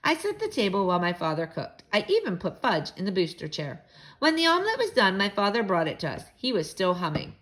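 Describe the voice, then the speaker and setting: A woman reading a children's book aloud to young listeners, with expressive, animated storytelling. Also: medium pitch, fairly quick.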